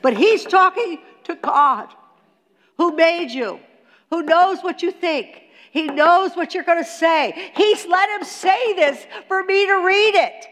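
A woman teaching a sermon on prayer, animated and asking her listeners questions. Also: very high voice, takes it slowly. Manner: animated, talks to the audience with questions. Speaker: Bible teacher. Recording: long hall reverb.

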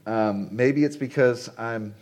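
A man's voice: mid-range voice, slow pace, darkish tone. A man in his late forties giving a conversational sermon to a conference audience, chatty and asking the crowd rhetorical questions. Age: 40s. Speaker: conference speaker. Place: conference venue.

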